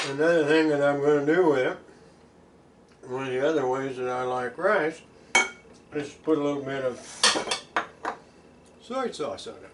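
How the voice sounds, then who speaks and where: Man, cooking show host, slightly high voice, folksy and chatty, faint clatter of dishes. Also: a little hiss or hum. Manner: folksy, chatty, tastes food while talking. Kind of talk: casual cooking demonstration.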